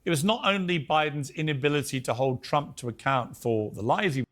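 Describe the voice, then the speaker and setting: A male TV host moderating a heated panel debate. He is assertive and cuts in to keep order. His voice sits slightly high for a man. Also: a little fast, fairly bright tone. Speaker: TV talk show host.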